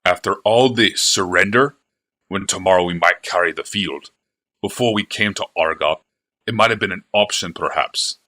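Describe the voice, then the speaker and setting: A man's voice: on the low side, moderate pace, bright, forceful tone. A man reading a stony male commander. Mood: indignant. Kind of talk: reading a novel aloud.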